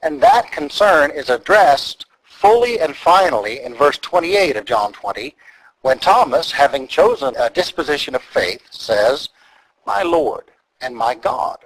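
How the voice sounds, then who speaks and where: Man, sermon, expository preaching, animated pitch, emphatic, deliberate. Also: poor audio. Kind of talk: sermon teaching.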